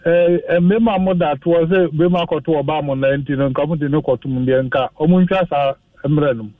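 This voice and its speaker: A high-voiced Ghanaian man phoning in to a radio talk show. He rambles through a long appeal, stalling on fillers. His voice comes down a thin, far-off phone line. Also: a little fast, no room sound. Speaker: phone-in caller.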